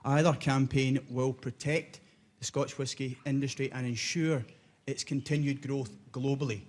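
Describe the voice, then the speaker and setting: A man's voice: mid-range voice, steady tone, normal speed. A man from Glasgow with a Scottish accent asking a question from a debate audience, good-humoured and conversational. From Glasgow, Scotland. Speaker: audience member.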